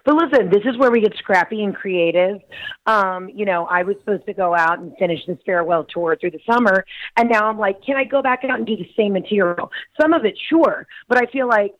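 A woman's voice: mid-range voice, a little fast, dry recording. Chatty giggly woman comedian, lo-fi line. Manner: chatty, giggly, animated storyteller. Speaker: comedian guest. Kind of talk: casual podcast interview.

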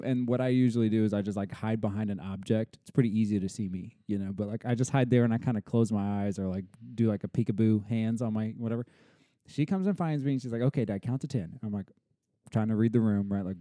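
A man co-hosting a casual podcast, telling animated stories about his toddler and acting out her lines. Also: mid-range voice, no room sound, studio quality. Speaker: podcast co-host, father of a toddler.

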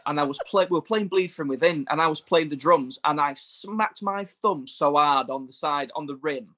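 A man, a touring bass player, telling rambling tour anecdotes in casual chat. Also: moderate pace, few pauses, sharp tone. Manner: rambling storyteller, laughs through anecdotes.

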